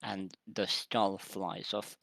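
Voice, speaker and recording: A man's voice: low-pitched, flat delivery, slow pace, vocal fry, bright, forceful tone, no echo, poor audio. A man narrating a tabletop role-playing game as game master, describing scenes and laughing often with his players.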